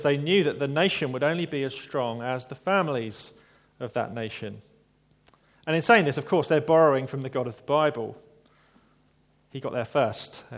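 A man delivering a sermon at a steady, medium pitch. He speaks in a measured, reflective way and slows down for emphasis. Now and then he turns to his listeners with a light aside. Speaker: preacher.

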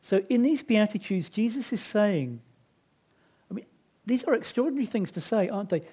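High-voiced chatty male preacher. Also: animated, moderate pace, warm tone, slightly rough. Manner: chatty, self-deprecating, many restarts. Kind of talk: sermon.

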